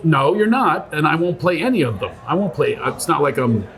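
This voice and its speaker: A man's voice: fairly high pitch, big pitch swings, brisk, fairly bright tone. A middle-aged man co-hosting a podcast in casual chat, telling rambling stories and riffing on his own tangents. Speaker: podcast co-host. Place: restaurant lounge.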